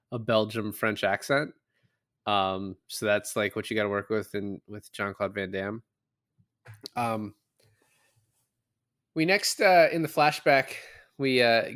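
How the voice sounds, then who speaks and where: A man's voice: medium pitch, fairly bright tone. A man co-hosting a film podcast, recapping scenes in loose, profane casual chat and laughing as he goes. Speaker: podcast co-host. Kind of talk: casual movie-review chat.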